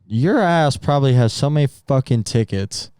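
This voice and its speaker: A man's voice: medium pitch, animated, normal speed, dark tone, clean tone, no echo, studio quality. A man co-hosting a podcast, teasing his friend with profane banter in casual chat. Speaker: podcast co-host.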